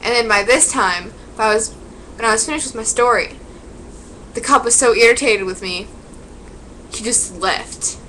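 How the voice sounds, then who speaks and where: A woman's voice: a little high, moderate pace, long pauses, bright, forceful tone, a little hiss or hum, poor audio. A woman vlogger spinning a silly made-up story in a playful, offhand way.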